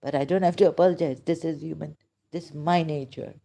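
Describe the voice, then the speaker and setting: A woman speaking in an impassioned, emotional monologue, halting often with pauses and restarts. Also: deep voice, fairly even intonation, gravelly, dark tone. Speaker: religious critic vlogger.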